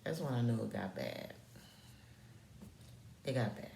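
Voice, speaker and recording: A woman's voice: very deep voice, very animated, unhurried, creaky, mellow, echoey room, a little hiss or hum. A woman telling a personal story to the camera in a candid vlog, blunt and profane, with slangy asides to the viewer. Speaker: vlogger.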